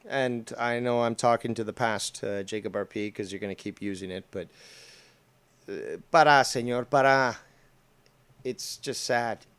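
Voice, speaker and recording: A man's voice: mid-range voice, unhurried, a bit bright, clear, resonant tone. A man hosting a long stream, giving mocking, sarcastic commentary on clips he plays, with frequent swearing. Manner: sarcastic, profane. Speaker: stream host.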